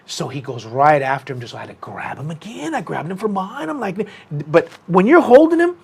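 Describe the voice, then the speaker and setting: A man co-hosting a combat sports podcast, telling a story in casual chat and jumping into a higher voice when he acts out what people said. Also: fairly quick, vocal fry, slight background noise. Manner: animated, acts out quoted people in a raised voice. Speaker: podcast host.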